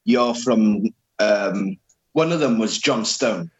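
A man's voice: lowish voice, slow pace, breathy edge, rough recording. A man from Wales, chatting casually and hesitantly. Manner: hesitant, many fillers and restarts. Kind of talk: casual chat.

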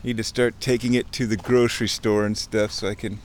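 A man's voice: fairly low pitch, little pitch movement, brisk, slight background noise. Playful man narrating a creek walk. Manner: playful and chatty, mimics sounds, chuckles often. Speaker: nature vlogger. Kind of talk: casual walking narration. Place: outdoors along a wooded creek. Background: faint outdoor ambience.

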